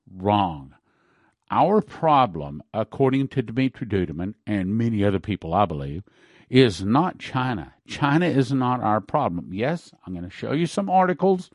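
A man preaching with fervent emphasis, his pitch leaping and dropping as he drives each point home. He repeats key words for force, and the sound is close and dry with no room around him. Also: dry recording. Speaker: host of a prophecy broadcast. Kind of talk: preaching talk with ad reads.

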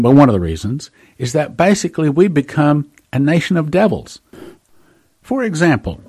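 A man's voice: medium pitch, a little mellow. A man hosting a prophecy talk show, preaching earnestly and calling his listeners brothers and sisters. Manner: reads dates and quotes at length. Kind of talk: preaching monologue.

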